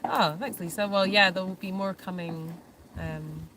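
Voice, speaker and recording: A woman's voice: on the low side, fairly even intonation, measured pace, fairly bright tone, recorded from a distance. A woman hosting a casual livestream for an animal sanctuary, reading viewer comments aloud in a matter-of-fact way. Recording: noisy livestream audio. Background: clear background noise.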